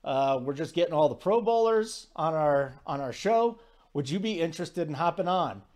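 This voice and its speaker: A man in his forties hosting a sports talk show, telling stories in a rambling, animated way with lots of asides. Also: fairly high pitch, moderate pace. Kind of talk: casual sports talk monologue.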